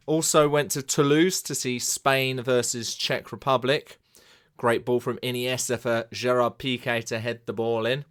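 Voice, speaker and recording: A man's voice: medium pitch, a bit bright. A man hosting a sports podcast, giving a chatty, upbeat solo introduction. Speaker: podcast host and sports broadcaster.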